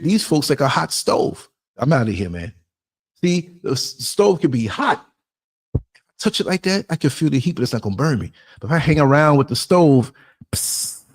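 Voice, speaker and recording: On his podcast, a streetwise New Yorker gives a blunt motivational monologue in a voice on the high side, at normal speed. He tells his stories with animation, performing bits of the dialogue himself.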